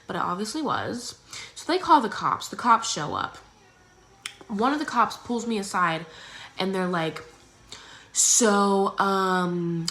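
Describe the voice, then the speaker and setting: A teenage girl telling a personal story in a casual, chatty way, full of "like" and "um", acting out others in squeaky voices. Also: animated, measured pace, a bit bright. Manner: acts out others' lines in squeaky exaggerated voices.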